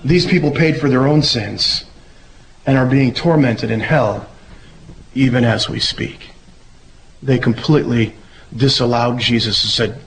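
A man giving a relaxed, conversational sermon who acts out the voices he quotes. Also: mid-range voice, unhurried, pauses often, a little hiss or hum, low-quality recording. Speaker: preacher. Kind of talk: casual sermon.

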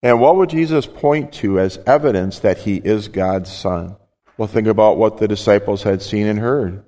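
A man's voice: on the low side, normal speed, dark tone. Earnest male pastor in a reverberant church. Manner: earnest, plain-spoken, explaining step by step. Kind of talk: sermon. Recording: long hall reverb.

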